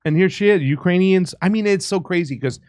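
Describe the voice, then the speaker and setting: A man's voice: high-pitched, fairly quick, darkish tone, dry recording, studio quality. A man hosting a casual political talk show, indignant, profane and emphatic. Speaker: show host.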